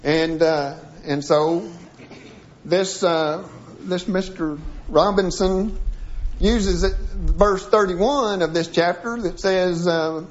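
A man's voice: high-pitched, slow pace. A man teaching a sermon-style Bible lesson, reading passages aloud and then breaking them down piece by piece with frequent restarts. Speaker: preacher. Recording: dull lo-fi recording.

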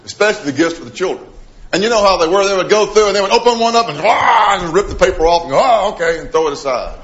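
A middle-aged male preacher delivers a sermon, animated and vivid, acting out little quoted voices, then sinking to a hushed tone to drive a point home. His voice sits on the higher side for a man. The recording is dull and lo-fi. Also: racing. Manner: animated, acts out quoted voices, drops to soft emphasis.

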